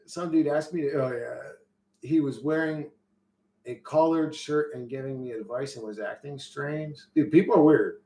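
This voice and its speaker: A man's voice: a little high, normal speed, a little mellow. Rambling, slangy man in a roomy space. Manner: loose, profane, street slang, frequent restarts. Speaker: livestream host reading chat. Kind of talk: rambling casual storytelling. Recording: roomy echo.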